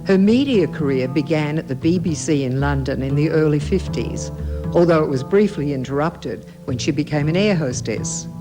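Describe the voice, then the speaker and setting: A narrator reading a scripted biographical segment in a measured, even way. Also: mid-range voice. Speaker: documentary narrator. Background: music.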